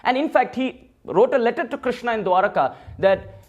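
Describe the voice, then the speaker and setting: A man's voice: very high-pitched, expressive, moderate pace. A man giving a temple sermon, telling a sacred story and acting out the dialogue of its figures. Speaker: temple speaker. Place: temple hall.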